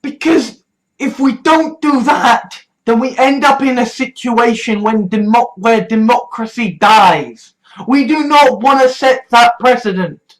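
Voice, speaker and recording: Young British vlogger, slow heated delivery, sarcastic, swears a lot, stuffy-nosed, mid-pitched. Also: low-quality recording. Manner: swears freely, heated and sarcastic, rising to shouting. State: stuffy nose. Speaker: political vlogger. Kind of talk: ranting political vlog.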